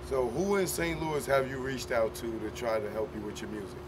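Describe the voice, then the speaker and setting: A man's voice: mid-range voice, fairly even intonation, a little fast. A man hosting a street interview, asking direct, casual questions. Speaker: interviewer and host. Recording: street noise with passing vehicles.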